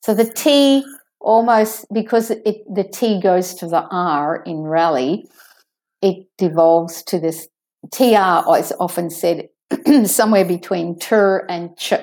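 A woman giving a pronunciation lesson at an unhurried pace. Her voice is mellow and fairly low. She repeats example words slowly and clearly, with patient explanation between them. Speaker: English pronunciation teacher.

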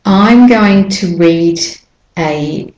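Slow, low-voiced woman pronunciation teacher. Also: a little mellow, lo-fi sound. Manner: patient, slows down to model sounds. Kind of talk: explanatory lesson with read-aloud examples. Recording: roomy echo.

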